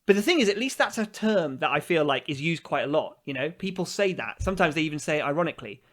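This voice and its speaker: Animated man telling a story. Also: fairly high pitch, fast talker. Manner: animated storyteller, mocking exasperation. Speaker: podcast co-host. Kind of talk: casual chat.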